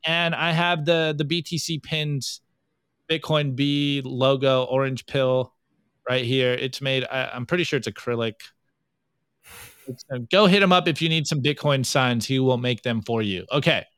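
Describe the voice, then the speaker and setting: A man's voice: mid-range voice, normal speed, clean tone, no echo. A man co-hosting a show, chatting casually and animatedly as he reviews memes. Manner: animated, jokey, puts on voices for quoted memes. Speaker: podcast co-host. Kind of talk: casual meme review chat.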